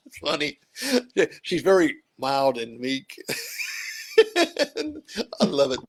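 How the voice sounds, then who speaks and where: A man's voice: a little high, wildly swooping pitch, drawn-out words, long pauses, breathy edge. A man hosting a talk show in a folksy, meandering way, often laughing. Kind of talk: casual interview chat.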